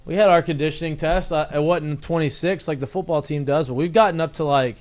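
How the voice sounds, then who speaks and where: A man who played baseball, recalling conditioning drills in a halting, easygoing way during casual podcast chat. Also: on the high side, darkish tone.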